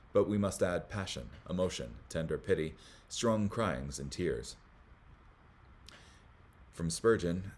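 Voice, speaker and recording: A man hosting a Bible study, reading commentary aloud in a measured way, with small slips that he corrects as he goes. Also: sits low, darkish tone.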